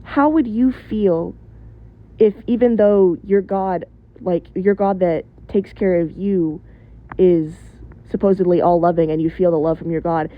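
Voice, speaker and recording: A woman's voice: on the low side, unhurried, narrow, tinny audio. A woman talking straight to camera in a casual opinion monologue, blunt and candid, swearing freely and rambling through asides. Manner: rambling with many fillers and asides. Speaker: vlogger.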